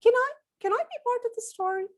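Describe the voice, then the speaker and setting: A woman doing a squealing, eager farm pig. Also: quick pace. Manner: high squealing oinks, eager.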